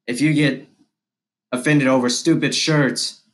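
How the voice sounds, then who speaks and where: A man's voice: mid-range voice, fairly even intonation, measured pace. A man hosting a podcast, giving a political monologue in an impassioned, repetitive and combative way. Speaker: podcast host.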